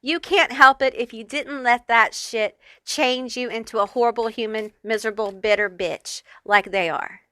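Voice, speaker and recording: Woman, tarot reader, blunt, profane, fiery, bright forceful voice, dry close sound. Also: on the high side, normal speed, few pauses, no echo. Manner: blunt, profane and fired-up, talking straight to the viewer. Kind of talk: pick-a-card tarot reading.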